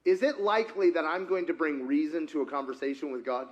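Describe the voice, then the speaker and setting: A man's voice: on the high side, steady tone, fast talker, muffled recording. A man preaching an interactive sermon who talks with his congregation and acts out conversations with God. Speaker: pastor.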